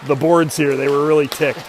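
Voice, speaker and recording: Midwestern male co-host, chatty and meandering, a touch high-pitched, faint background noise. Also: steady tone, moderate pace. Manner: rambling, chatty, self-mocking. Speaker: youth hockey stream commentator. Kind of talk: casual livestream commentary.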